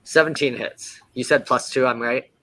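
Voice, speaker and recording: A man's voice: medium pitch, steady tone, normal speed, bright, forceful tone, no room sound, low-quality recording. A man narrating as game master of a tabletop game, describing the action casually with many fillers.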